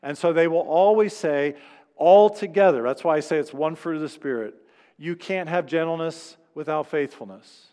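A male pastor preaches to his congregation in a casual, conversational way, now and then slipping into the voices of the people he quotes. His voice sits a little high for a man, and it rings out with the long reverb of a church sanctuary. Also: normal speed, dark tone. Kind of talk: sermon.

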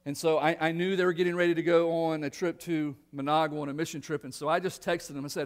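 A man preaching a sermon with a fairly high voice, talking to his congregation in an earnest, conversational way. He often repeats a word as he restarts a phrase, and then he slows into prayer. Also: fairly even intonation. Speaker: pastor. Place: church sanctuary.

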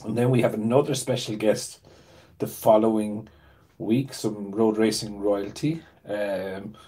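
A man hosting a casual podcast, chatty and quick to laugh. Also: fairly low pitch, mellow. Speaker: podcast host.

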